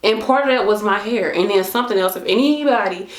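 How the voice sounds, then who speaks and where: A woman's voice: medium pitch, quick pace, roomy sound. A woman in her late twenties talking casually to camera, chatty and slangy, acting out her own thoughts. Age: late 20s. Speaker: vlogger.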